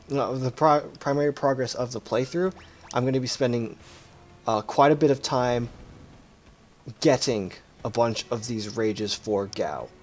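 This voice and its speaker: A man hosting a let's play, giving casual, explanatory game commentary and often correcting himself mid-sentence. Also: medium pitch.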